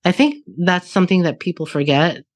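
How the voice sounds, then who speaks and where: A woman's voice: on the low side, sing-song, brisk. A woman in her late thirties in casual conversation, talking candidly, swearing often and laughing as she goes. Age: 30s. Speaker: podcast co-host.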